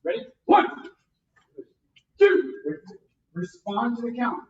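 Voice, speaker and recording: A karate instructor teaching a beginner class, counting out drills and calling punch commands in loud bursts. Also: medium pitch, very animated, slow. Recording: distant, roomy, dull sound with faint noise.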